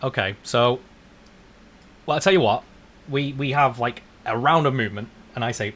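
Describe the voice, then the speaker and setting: A man as game master of a tabletop game, hesitant and repeating his words in a relaxed way. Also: medium pitch, a little fast. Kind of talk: running a tabletop game online.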